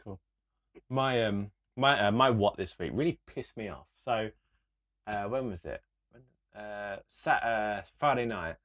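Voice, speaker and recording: Young guy ranting on a podcast, swears a lot, lowish voice. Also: a little slow, fairly bright tone. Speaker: podcast co-host. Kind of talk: casual chat.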